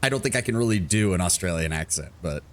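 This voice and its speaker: Deep-voiced man chatting on a game stream. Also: expressive, quick pace. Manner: casual, wry, talks to chat.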